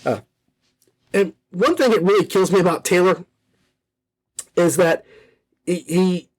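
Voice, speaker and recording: An enthusiastic man hosts a review podcast in loose, chatty talk, circling back to repeat his points. His voice sits a little high for a man. The sound is close and dry, with no room echo. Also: unhurried. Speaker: podcast host reviewing audiobooks. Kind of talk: casual spoken review.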